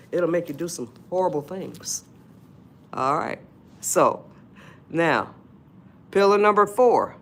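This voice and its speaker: A woman's voice: lowish voice, a bit bright. A woman hosting a live stream, giving an emphatic motivational talk and often checking in with "you see?". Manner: emphatic, repeats "you see?", addresses viewers as y'all.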